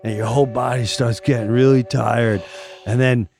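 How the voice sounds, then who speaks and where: A middle-aged man, a podcast guest, telling animated stories with lots of swearing and acted-out voices. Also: mid-range voice, moderate pace, gravelly, faint music behind. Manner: acts out quoted voices, swearing, laughing. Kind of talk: animated storytelling.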